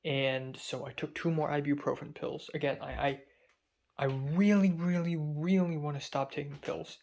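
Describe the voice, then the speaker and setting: A man's voice: on the high side, fairly even intonation, moderate pace, vocal fry, a little mellow. A young man, a college student, talking through a casual spoken diary while feverish and dizzy, rambling with many fillers and restarts. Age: young adult. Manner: rambling and hesitant, full of fillers.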